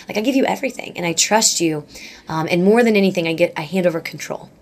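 A woman's voice: fairly low pitch, fast. A woman guest speaker talking earnestly about faith in an interview, with lots of "like" and restarts. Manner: earnest, gushing, many likes and restarts.

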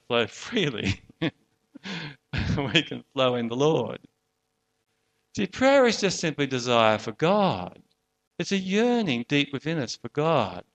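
A man's voice: medium pitch, fairly bright tone. A man preaching a sermon in an earnest, conversational way, often restarting and asking rhetorical questions.

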